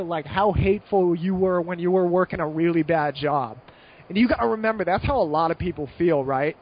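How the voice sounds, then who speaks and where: A young American man telling a long story in a casual podcast chat, rambling and animated, with many fillers and restarts. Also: sits high, husky, muffled recording. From United States. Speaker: guest.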